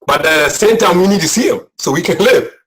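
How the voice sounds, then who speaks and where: Brief: male guest preacher, high-pitched, fervent and emotional, sermon delivery. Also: lively intonation, fast, poor audio. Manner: impassioned, repetitive, rising to shouts. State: emotional, near tears.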